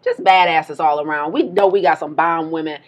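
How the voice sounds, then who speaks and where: A woman's voice: sits low, steady tone, normal speed. A woman co-hosting a casual podcast, talking in a playful, emphatic way and laughing often. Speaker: podcast co-host.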